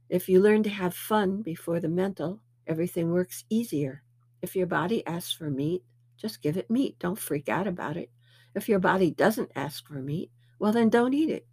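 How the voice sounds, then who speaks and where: A woman's voice: on the low side, moderate pace, slightly rough, no room sound. A woman giving a spiritual talk, telling anecdotes with chatty storytelling and playful self-mockery. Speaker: spiritual speaker.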